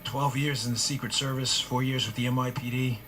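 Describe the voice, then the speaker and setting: A man's voice: medium pitch, fairly even intonation, brisk, pushed and bright, a little hiss or hum. A male talk show host in his forties delivering a heated political monologue, hammering points with repeated rhetorical questions.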